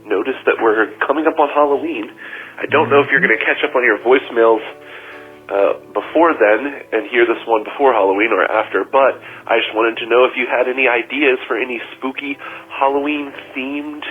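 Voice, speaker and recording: A man from Maryland leaves a voicemail, stopping often with "uh." His voice sits at a middle pitch for a man. The sound is narrow and tinny, as it comes over the phone. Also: moderate pace, faint music behind. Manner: hesitant, many fillers. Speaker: caller leaving a voicemail.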